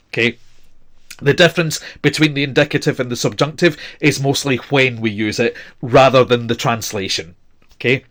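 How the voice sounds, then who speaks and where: A man's voice: on the high side, a bit bright. A man teaching a recorded grammar lesson, patiently repeating forms and checking in with "okay?". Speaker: language teacher.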